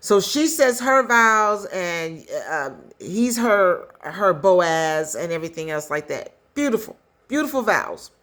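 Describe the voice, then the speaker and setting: A woman casually recapping a story in a chatty, animated way, with quick asides. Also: mid-range voice. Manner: chatty, animated retelling with acted quotes. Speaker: commentator recapping a skit.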